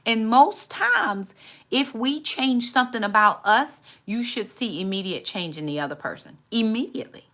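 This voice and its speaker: A woman talks easily about faith and family life as host of her own channel. Her voice is bright and sits a little high. She often jumps into quick, high, animated voices to act out other people. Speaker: channel host, mother giving faith advice. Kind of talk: casual faith talk to camera.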